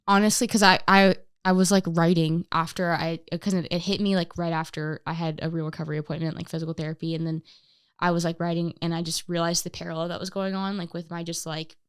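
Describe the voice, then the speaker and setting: A woman co-hosting a casual podcast chat, talking in an emphatic, animated way with many fillers and restarts. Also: on the low side, fast, clear, resonant tone. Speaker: podcast co-host.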